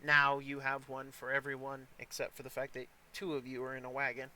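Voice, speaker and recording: Bright-voiced man running a tabletop game. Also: mid-range voice, a little fast, rough recording. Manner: relaxed narration with many fillers. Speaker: dungeon master.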